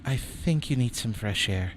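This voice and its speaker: A man voicing a gentle caring young woman. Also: mid-range voice, animated, moderate pace, background noise, natural voice. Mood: concerned. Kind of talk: tabletop role-play in character.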